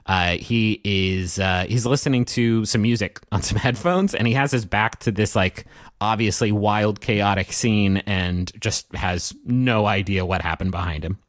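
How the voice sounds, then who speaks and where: A man's voice: fairly low pitch, measured pace, dry recording, clean studio sound. A man narrating a tabletop game as game master, rambling with frequent hesitations. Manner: rambling, full of fillers and restarts.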